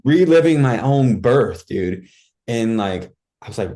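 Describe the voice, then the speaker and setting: A man's voice: mid-range voice, animated, measured pace, mellow. A man, a podcast guest, recounting a personal experience in casual, vivid storytelling, acting out his own cries and saying "like" and "dude" often.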